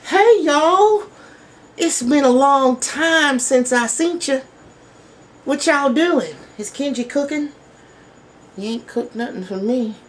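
A squeaky falsetto teddy bear, drowsy from hibernating but playful. He drawls in a slangy, sing-song way and teases his owner. The voice sits far above a deep speaking voice. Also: expressive, slow pace, long pauses, a bit bright, full character voice.

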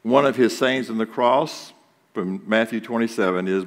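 A man's voice: lowish voice, brisk. Man preaching in a reverberant church. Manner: conversational preaching with rhetorical questions. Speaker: pastor. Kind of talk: sermon. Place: church sanctuary.

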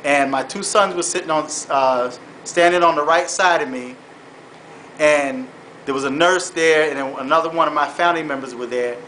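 Earnest man recounting a dream, forceful. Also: a little high, a little hiss or hum, rough recording. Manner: earnest, halting, repeats words and says "man". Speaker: vlogger. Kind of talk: personal storytelling turning into faith-based exhortation.

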